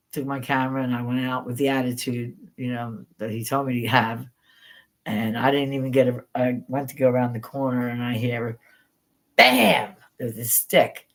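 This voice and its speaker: Rambling, excitable middle-aged woman. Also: extremely low pitch. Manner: excitable, swears freely, jumps between thoughts. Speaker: paranormal livestream host. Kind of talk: rambling spontaneous storytelling.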